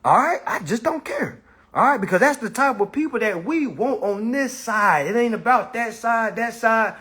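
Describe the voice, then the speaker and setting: Blunt, husky-voiced man with lively pitch. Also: moderate pace. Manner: blunt, profane, animated, keeps saying "all right". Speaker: teacher and mentor. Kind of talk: casual monologue to viewers.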